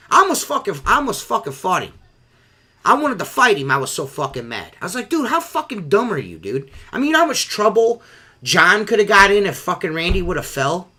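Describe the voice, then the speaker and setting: A man hosting a podcast, telling stories in a profane, animated casual chat. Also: a little high. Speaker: podcast host.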